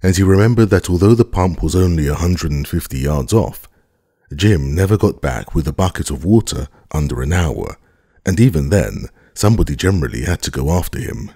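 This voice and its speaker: A male audiobook narrator with a very deep, husky voice tells the story in measured, expressive scripted narration. The recording is close and dry, with no room sound. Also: no echo.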